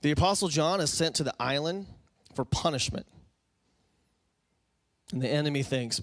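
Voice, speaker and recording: A man's voice: on the high side, normal speed, pauses often, fairly bright tone. A man, a pastor, preaching a sermon to his church in a conversational way that builds into fervent appeals. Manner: conversational, rising to fervent exhortation. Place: church sanctuary.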